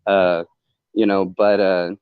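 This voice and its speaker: A man with a very deep voice talks on a livestream call, earnest and confessional, stopping and restarting his sentences as he rambles on. The sound is dull and lo-fi, and dry. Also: flat delivery, smooth, no echo. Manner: halting and rambling, many restarts. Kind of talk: casual chat on a livestream call.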